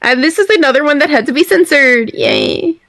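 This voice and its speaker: A woman's voice: high-pitched, expressive, a little fast, gravelly, fairly bright tone, dry recording. Giggly woman hosting a casual chat. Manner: giggly, reads out listener comments. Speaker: host of a book discussion group. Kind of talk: casual group discussion.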